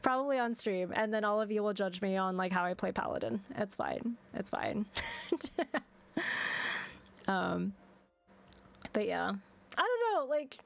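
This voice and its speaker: A woman's voice: mid-range voice, big pitch swings, unhurried, creaky, pauses often. A young woman streaming a game, chatting casually and exasperated, with frequent swearing and laughter.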